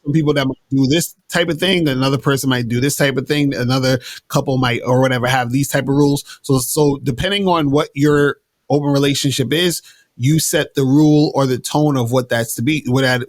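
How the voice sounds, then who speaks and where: A man's voice: medium pitch, fairly quick, no room sound. Slangy man with a dry close sound. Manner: laid-back storytelling with slang and repeated restarts. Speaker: dating coach guest. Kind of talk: casual interview talk.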